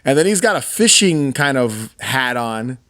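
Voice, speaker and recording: A man in his thirties chatting on a podcast with a mid-range voice. His pitch swings widely as he talks. He tells the story with enthusiasm. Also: unhurried. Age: 30s. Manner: animated, enthusiastic storytelling with laughs. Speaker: podcast co-host. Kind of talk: casual chat.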